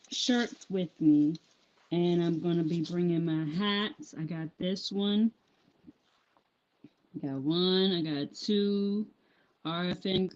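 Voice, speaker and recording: In a lowish, slightly mellow voice, a woman rambles casually on a live stream about her handmade clothing business, frequently saying "um" and starting over. The audio is dull and lo-fi.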